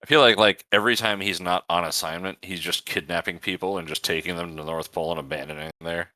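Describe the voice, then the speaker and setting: Deep-voiced joking man gaming. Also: steady tone, sharp tone, no echo. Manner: joking, quick to laugh. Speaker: gaming commentator. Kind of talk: casual gaming chat.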